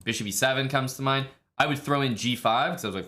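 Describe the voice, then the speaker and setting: A man on a live stream rattles through chess moves fast with hardly any pauses, loose and blunt, swearing freely and asking himself questions aloud. He speaks at a middle pitch in a bright, forceful voice.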